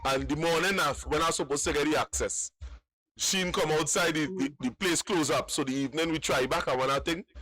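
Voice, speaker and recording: A man's voice: on the high side, brisk, bright, forceful tone, no echo. A man, calling in to tell a long personal story, rambling and repeating words. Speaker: caller.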